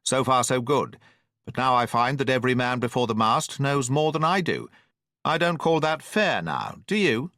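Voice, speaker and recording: A man's voice: medium pitch, very animated, moderate pace, fairly bright tone, no echo, studio quality. A man reading the lines of a blunt, stern, distrustful sea captain who speaks plainly and in clipped phrases, in an audiobook.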